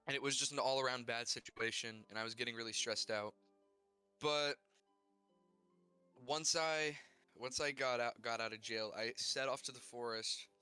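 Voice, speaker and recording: A young man recapping his tabletop game character's backstory, halting, with many fillers and restarts. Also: medium pitch, bright, forceful tone, smooth. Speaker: player.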